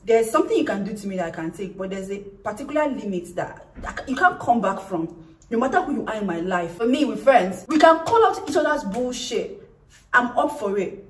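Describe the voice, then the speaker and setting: A young woman telling a personal story in an animated vlog, acting out what people said. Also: mid-range voice, fairly quick, far from the mic, slight background noise. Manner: animated, acts out quoted lines. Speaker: vlogger. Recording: echoey room, off-mic.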